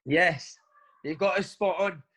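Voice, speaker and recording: Man, footballer guest, chatty anecdotes, slightly high voice. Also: slow, bright, forceful tone, slightly rough, low-quality recording. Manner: chatty storytelling, says "mate" constantly. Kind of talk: casual interview chat.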